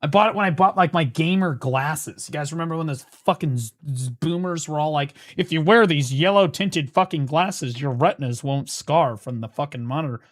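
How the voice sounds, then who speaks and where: A man commentating a game on a livestream in a loose, casual way. He swears freely and mocks another player, breaking into laughter and shouts as the moment unfolds. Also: on the high side, fairly quick, few pauses. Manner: profane, mocking, laughing. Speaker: streamer.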